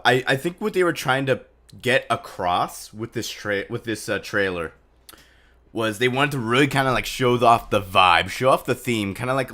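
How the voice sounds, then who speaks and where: A man's voice: mid-range voice, a bit bright. A man chatting casually on a live stream, loose and rambling with lots of fillers.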